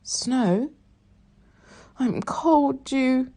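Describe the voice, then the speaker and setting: A woman reading a storybook voices a six-year-old boy who is devoted and stubborn. His voice sits well above her own low, mellow tone and sounds high and earnest. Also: drawn-out words. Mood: tearful.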